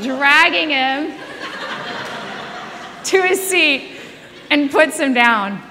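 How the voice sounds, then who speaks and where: A woman giving a conversational sermon, telling a story in a lively way and laughing along as she goes. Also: high voice, big-room sound, a little hiss or hum. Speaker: speaker.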